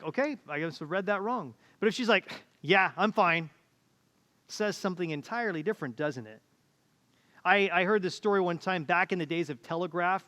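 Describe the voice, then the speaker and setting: A man's voice: sits high, a bit bright, clean tone, big-room sound. A man preaching a sermon as pastor, telling stories and acting out the people in them. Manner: storytelling, acts out quoted voices. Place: church auditorium.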